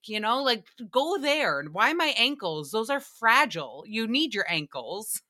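A young woman hosting a podcast, telling a profane, animated comedic recap with frequent laughter. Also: on the high side, unhurried, hardly any pauses. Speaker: podcast host. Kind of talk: casual comedic recap monologue.

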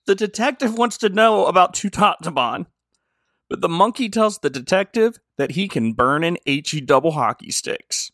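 A man co-hosting a podcast, recapping a short film in casual comedic chat with deadpan delivery and lots of giggling. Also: high voice, moderate pace, no room sound, studio quality. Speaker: podcast co-host.

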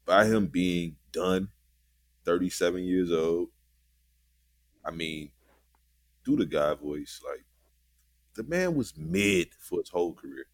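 A man's voice: low-pitched, animated, slow, pauses often, slight background noise. A man on a casual podcast giving blunt, argumentative sports opinions. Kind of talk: casual chat.

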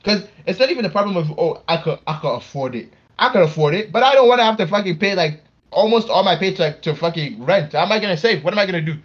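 A man co-hosts a casual podcast with a slightly high voice, teasing his partner and ranting in boastful bursts. The audio is dull and lo-fi. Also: fast talker. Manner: teasing, boastful, animated rants. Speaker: podcast co-host.

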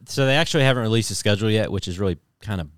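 A man with a low, smooth voice talks about his season in a relaxed, plain-spoken way. It sounds like a casual podcast interview in a studio, with a dry, close sound. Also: racing, no room sound. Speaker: guest golfer.

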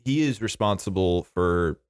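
A man's voice: low voice, lively intonation, a little slow, smooth, no echo. A young man co-hosting a casual movie news podcast, laughing often and making dry jokey asides. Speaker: podcast co-host.

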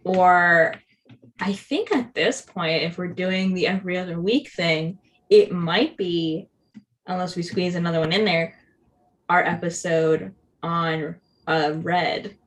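A woman's voice: on the low side, slow pace, poor audio. Chatty young woman co-hosting a podcast. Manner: chatty, giggly, heavy use of "like". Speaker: podcast co-host. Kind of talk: casual chat.

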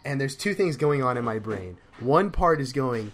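A young man with a medium-pitched voice and lively intonation co-hosts a podcast at a moderate pace, pausing little. He tells stories in a rambling, casual manner, full of fillers and laughter.

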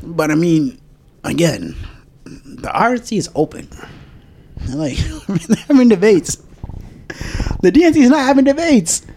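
A man's voice: high voice, very animated, unhurried, long pauses, dark tone, breathy edge. A man hosting a casual podcast chat, ranting profanely and laughing often.

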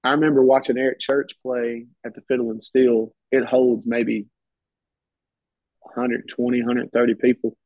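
This mid-range male voice keeps a normal speed with little pitch movement in a dry recording. Chatting as a podcast guest, he tells meandering stories and keeps restarting his sentences, all in a dull, somewhat muffled sound.

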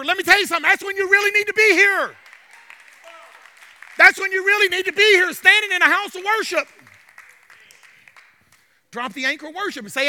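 A man preaching a sermon in a church. He urges the congregation to answer back, then drops to quiet, confiding talk. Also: very high voice, a little fast, long pauses, some chatter behind. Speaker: pastor.

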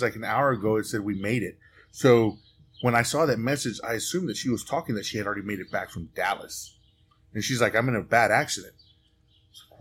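A man with a lowish voice tells a long story to his friends on a podcast. He swears freely and keeps it loose and joking. A faint rumbling noise sits under the recording. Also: a little fast, a bit bright. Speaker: podcast host. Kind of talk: casual chat.

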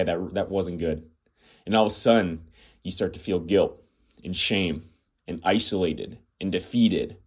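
A man hosting a podcast, preaching earnestly to the listener with emphatic, repeating phrases. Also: fairly low pitch. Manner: earnest, addresses listener as "my friend". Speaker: podcast host. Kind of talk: preaching monologue.

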